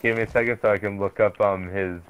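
A man's voice: fairly low pitch, steady tone, fast talker, a bit bright, clear, resonant tone. A young man gaming with friends, talking in a plain, matter-of-fact way. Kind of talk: casual gaming chat with friends.

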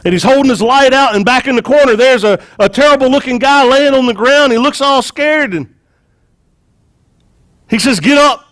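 A man preaching a sermon, retelling a story with lively acted-out quotes and frequent repeated words. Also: extremely high pitch, moderate pace. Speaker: pastor.

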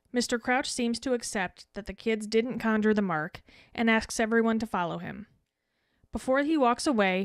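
A woman co-hosting a podcast, reading out a scene summary with a dry, deadpan edge. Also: a little high, smooth, dry recording. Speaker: podcast co-host.

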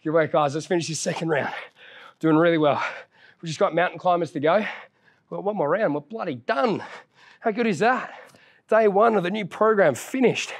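A fairly high-voiced young man coaches a home workout, puffing as he exercises along. He cheers the listener on and counts the reps down in a loose, joking way. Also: normal speed, pauses often. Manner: upbeat encouraging, counts reps down, casual banter. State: out of breath while exercising. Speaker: fitness trainer.

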